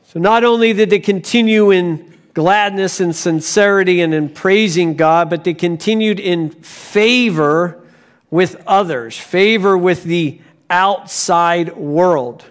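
A man preaching a sermon as pastor, deliberate, with bursts of animated storytelling. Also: sits high.

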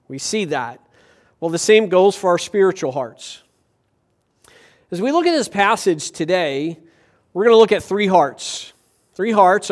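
High-voiced male pastor preaching. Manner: asks the congregation rhetorical questions; tells anecdotes with light humor. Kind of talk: sermon.

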